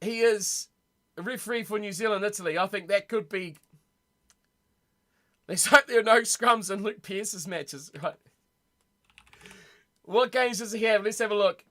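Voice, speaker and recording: Bright, high-voiced excitable male streamer. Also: a little slow, long pauses. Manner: excitable, chatty, reacts aloud to chat. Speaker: streamer hosting a rugby watch party. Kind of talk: casual live-stream chat. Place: home room.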